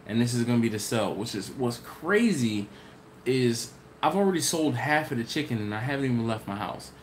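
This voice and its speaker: A man's voice: medium pitch, lively intonation, brisk, a little hiss or hum. A man hosting a live barbecue channel stream, answering chat questions in a loose, rambling way and laughing often. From Maryland, US. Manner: casual, rambling storyteller with frequent laughs.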